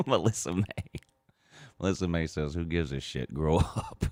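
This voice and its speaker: A man's voice: deep voice, very animated, slow pace, darkish tone, dry recording, clean studio sound. A man hosting a casual show, reading viewer comments aloud in a mocking tone and often laughing. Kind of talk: casual chat.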